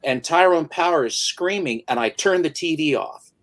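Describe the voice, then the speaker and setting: A man's voice: a little high, animated, normal speed, poor audio. A man in his seventies in casual chat, telling a story vividly and acting out each scene. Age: 70s. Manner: vivid storyteller who acts out the scenes he retells.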